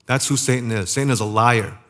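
A man preaching a sermon in a conversational way, asking the listeners rhetorical questions and slowing down to stress key phrases. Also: medium pitch, fairly bright tone. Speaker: pastor.

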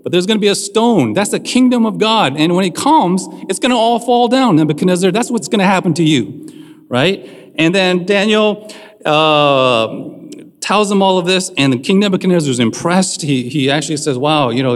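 A man's voice: fairly high pitch, big-room sound. A man preaching a sermon as a pastor, in a conversational way, often asking his listeners questions.

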